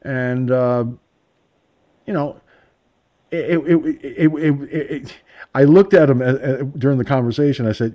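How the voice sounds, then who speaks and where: Profane, rambling American radio host. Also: male voice, medium pitch, measured pace, long pauses. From United States. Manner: profane, rambling with many restarts. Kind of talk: casual storytelling. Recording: dull lo-fi internet radio.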